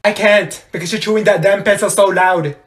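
A man's voice: high-pitched, steady tone, fairly quick, fairly bright tone. A man voicing an irritated, blunt teenage girl classmate who snaps and swears, in a comedy sketch. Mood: annoyed. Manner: snappy and profane.

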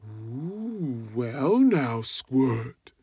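A woman voicing a kindly, wise old male owl with a deep, husky voice. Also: big pitch swings, very slow, dark tone, no room sound, studio quality, heavily acted.

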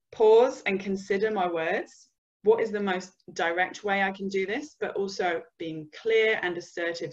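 A woman's voice: on the low side, muffled recording. A woman from the UK giving a conversational business communication webinar, sometimes acting out example phrases. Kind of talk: webinar presentation.

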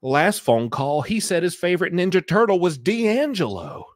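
A man delivers sarcastic commentary, mocking what he hears. His pitch moves a lot as he talks. The sound is dry and close to the mic. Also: very animated, moderate pace, no room sound.

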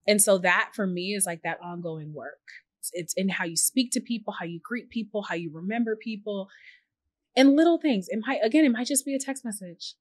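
A woman guest on a podcast, talking earnestly and reflectively with lively quoted asides. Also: mid-range voice, a little fast, no room sound. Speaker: podcast guest, tech journalist and founder. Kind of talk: reflective conversational interview.

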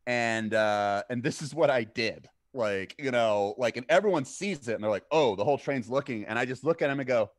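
A man's voice: mid-range voice, normal speed, few pauses, no echo, studio quality. A man co-hosting a casual stream, telling stories and acting out the people in them. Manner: animated, acts out voices in stories, swears casually. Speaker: podcast co-host. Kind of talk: casual chat, storytelling.

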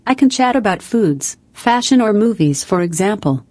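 A woman's voice: mid-range voice, expressive, moderate pace, a little mellow, no echo. A synthetic woman's voice, a voice assistant giving scripted chatty replies in an evenly cheerful tone.

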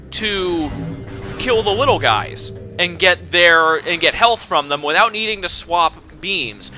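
A young man with a high voice commentates his own video game run as a let's play, lurching from frustrated shouting and swearing to calm explanations of his tactics.

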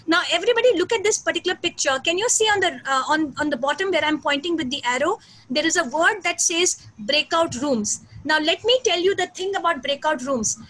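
A woman with a very high, bright voice leads a teacher-training lecture over a video call. She talks quickly and with eager emphasis, pushing each point with energy. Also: rough recording. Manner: fast, energetic, emphatic delivery. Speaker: guest lecturer. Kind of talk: online teacher training talk.

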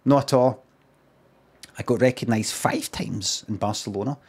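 A man's voice: medium pitch, normal speed, darkish tone, breathy edge. Glaswegian man rambling on a stream. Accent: Scottish, Glaswegian. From Scotland. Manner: rambling, dry storytelling with restarts and swearing. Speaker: livestreamer. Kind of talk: casual live-stream chat.

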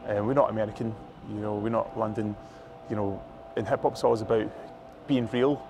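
A man with a broad Scottish accent talking in an interview, quick and emphatic, leaning on "you know". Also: on the low side, fairly even intonation, vocal fry. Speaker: rapper. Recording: street noise behind.

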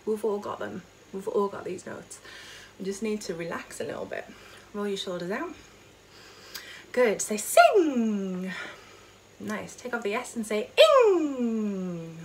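A woman choir leader, teaching an online vocal warm-up from home and demonstrating high sung notes. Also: lively intonation, takes it slowly, a little hiss or hum. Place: home during lockdown.

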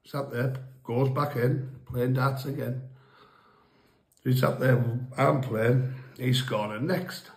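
A man's voice: mid-range voice, steady tone, slow pace, reverberant. A man casually telling a crude, rambling pub story, often laughing at his own tale. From England.

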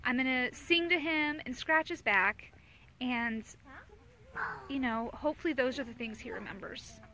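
A woman's voice: high voice, normal speed, sharp tone. A woman in her thirties, a mother hosting a casual live chat, talking candidly to viewers and answering their comments.

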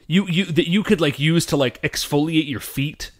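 A man co-hosting a podcast in casual chat, animated and rambling, full of fillers. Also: a little high, normal speed. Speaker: podcast co-host.

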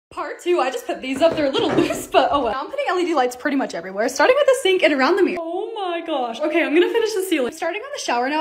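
A woman's voice: high-pitched, darkish tone, a little hiss or hum. A young woman narrating a casual lifestyle vlog, chatty, upbeat and poking fun at herself. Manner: chatty, upbeat, self-mocking. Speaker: lifestyle vlogger. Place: home bedroom and bathroom.

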